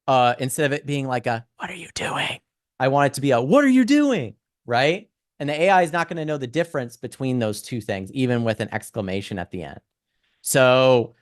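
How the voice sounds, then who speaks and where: In a screen-share lesson, a young male instructor casually talks through an AI audio tool, chatty and tossing in lots of "right?" asides. His mid-range voice comes through with studio quality and no room sound.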